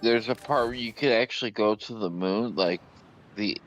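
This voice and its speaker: A man's voice: on the low side, moderate pace, faint music behind. A man chatting casually on a gaming stream, giving long rambling explanations with frequent restarts. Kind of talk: casual chat.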